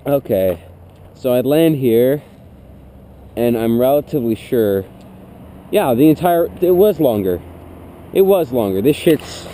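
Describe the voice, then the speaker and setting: A man's voice: medium pitch, warm tone. A teenage boy vlogging as he walks home at night, rambling in a sarcastic tone, recorded on a head-mounted camera. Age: teens. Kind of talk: casual vlog monologue. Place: outdoors at night, suburban streets. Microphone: head-mounted action camera. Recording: noisy outdoor action-cam audio.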